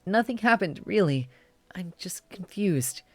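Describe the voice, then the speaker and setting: A streamer voicing a tearful young adult confiding in their mother on the phone, in a soft, shaky, pleading voice. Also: medium pitch, lively intonation, a little slow, no room sound, faint music behind, voice pushed up. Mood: vulnerable.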